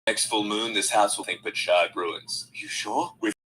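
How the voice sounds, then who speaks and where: A man's voice: lowish voice, steady tone, a little slow, a little hiss or hum, low-quality recording. A man performing comedy sketches with a playful, jokey delivery. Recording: loud music under the voice.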